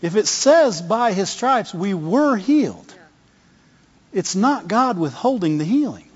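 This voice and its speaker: A middle-aged man preaches a sermon in a loose, chatty way, often checking in with the congregation. His voice sits a little high for a man. The sound is dull and lo-fi, with a long reverb from a large church hall. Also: big pitch swings, slow, breathy edge. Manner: conversational, repeats words, asks the congregation "Amen?". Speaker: pastor.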